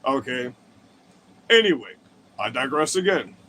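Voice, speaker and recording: A male livestream host goes off on a profane political rant at his chat, picking fights, cursing a lot, and straying into side topics. His mid-range voice is sing-song, pushed, and bright, at a measured pace, with a slight hiss or hum.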